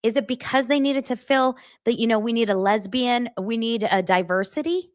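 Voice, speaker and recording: A woman's voice: fairly high pitch, normal speed. A woman hosting a podcast, chatting casually and animatedly about reality TV, often turning to her listeners. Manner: chatty, animated, talks straight to her audience. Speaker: podcast host. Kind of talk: casual gossip chat.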